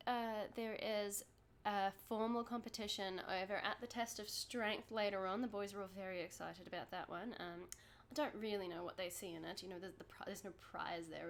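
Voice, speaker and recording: A woman's voice: medium pitch, a little hiss or hum, natural voice. Woman voicing a chatty young half-elf wine merchant. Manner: gossipy, breezy, candid asides. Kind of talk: tabletop role-play voicing.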